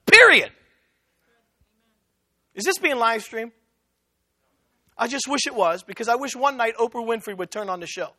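A man's voice: very high-pitched, moderate pace, pauses often. A man preaching a sermon, telling a story and acting out both sides of the conversation. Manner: animated, acts out both sides of a dialogue.

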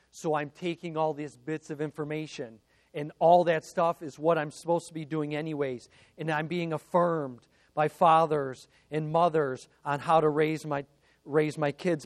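A man preaching a sermon, retelling a scripture story in an earnest way and moving between emphatic lines and hushed, personal ones. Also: a little high, steady tone, normal speed, no room sound.

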